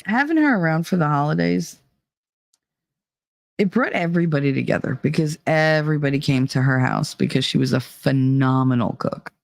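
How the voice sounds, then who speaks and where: A woman's voice: low-pitched, animated, moderate pace, vocal fry, no echo. A woman in her thirties chatting casually on her channel at home, blunt and profane, laughing often. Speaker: channel host. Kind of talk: casual chat. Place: home room with heater.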